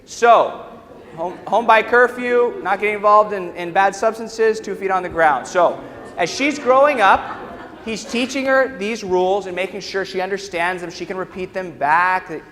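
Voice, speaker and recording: A man's voice: sits high, moderate pace, fairly bright tone. A man, a workshop trainer, telling a story to a live audience in a large lecture hall and often checking in with his listeners. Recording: echoey hall with faint ambience.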